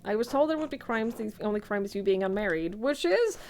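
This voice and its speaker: Lively woman streamer chatting. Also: mid-range voice, brisk, slight background noise. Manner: chatty, reads game text aloud. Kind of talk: casual gameplay commentary.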